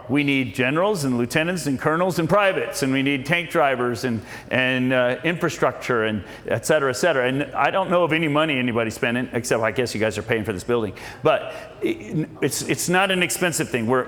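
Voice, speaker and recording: At a political meeting, a man gives a folksy, preacher-like storytelling speech to a live audience, restarting often. His voice is medium-pitched and a bit bright, echoing through a hall with long reverb.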